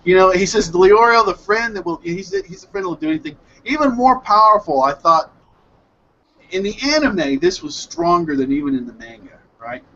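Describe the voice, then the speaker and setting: A man hosting an online hangout, excitedly recapping an anime episode in a rambling, self-correcting way over a headset mic on a video call. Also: high-pitched, fairly quick, lo-fi sound. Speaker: hangout host reviewing anime. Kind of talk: casual group hangout chat.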